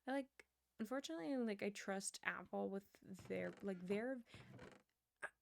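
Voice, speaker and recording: Chatty streamer woman with vocal fry. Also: medium pitch, moderate pace, slight background noise. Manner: rambling, chatty storytelling with frequent laughs. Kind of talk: casual chat while gaming. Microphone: wired earbuds with a headset mic.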